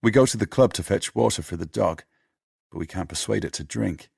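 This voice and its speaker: Gravelly low-voiced male audiobook narrator. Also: dry recording, studio quality. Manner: steady, measured storytelling.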